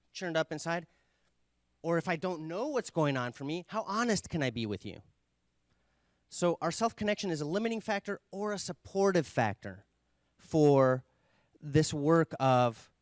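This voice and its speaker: A man's voice: a little high, dry recording. Earnest male conference speaker. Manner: earnest, explanatory, pauses with fillers. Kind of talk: conference talk.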